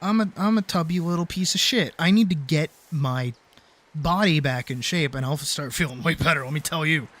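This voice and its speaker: A man's voice: on the high side, moderate pace, fairly bright tone. A man chatting casually on a livestream, rambling and apologetic, with casual swearing. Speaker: streamer.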